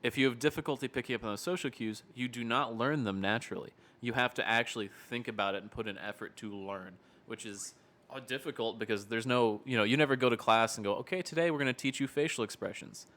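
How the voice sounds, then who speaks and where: A man's voice: mid-range voice, steady tone, fast talker, pushed and bright. A man co-hosting a casual podcast as a behavioral therapist, explaining things plainly and laughing easily.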